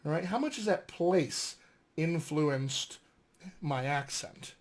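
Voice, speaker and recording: A man who coaches dialects, speaking in a mostly General American accent and teaching a casual recorded lesson in a lively, conversational way with frequent fillers. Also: fairly high pitch, takes it slowly. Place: filmed at home with flashcards.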